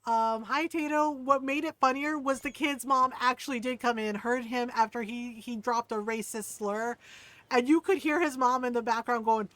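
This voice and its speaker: A woman's voice: on the high side, fairly even intonation, a bit bright, no room sound. A woman streaming a game, chatting casually with lots of fillers, swearing and laughter, and sometimes reading the story text aloud. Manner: also reads game story aloud at a brisk pace. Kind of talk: casual gaming stream chat.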